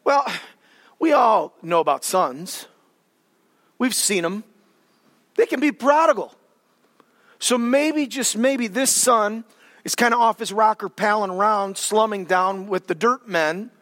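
High-voiced male pastor preaching a jokey, animated sermon in an echoey church hall. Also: a little slow, long pauses. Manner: animated, jokey, dramatic shifts in volume.

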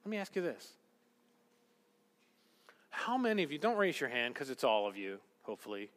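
A man preaching a sermon as pastor, animated, acting out quotes and dropping to hushed whispers. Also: on the high side, in a large hall.

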